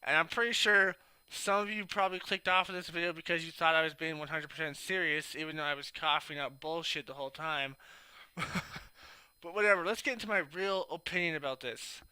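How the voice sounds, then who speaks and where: A man's voice: a little high, fairly even intonation, a little fast, bright, forceful tone, smooth, no room sound. A man talking casually in a commentary vlog, rambling and sarcastic with lots of fillers. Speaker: YouTube commentator.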